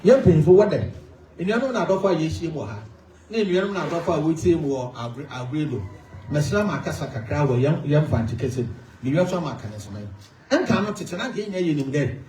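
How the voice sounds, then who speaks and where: High, animated Ghanaian man, echoey. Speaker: traditional authority spokesman. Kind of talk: press statement. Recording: echoey room, mic at a distance.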